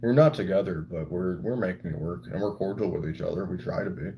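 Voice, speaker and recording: A young man streaming live and talking to his chat in a loose, rambling way. His voice sits a little low and has a warm, mellow tone. He swears freely as he talks. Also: fast talker, a little hiss or hum. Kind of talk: casual livestream chat with viewers.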